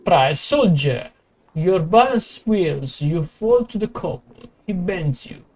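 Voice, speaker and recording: Italian let's-play host, halting reader, slightly high voice, drawn-out pace. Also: male voice, animated, darkish tone. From Italy. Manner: reads haltingly with stumbles and muttered asides. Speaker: gaming channel host. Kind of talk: let's play, reading game text aloud.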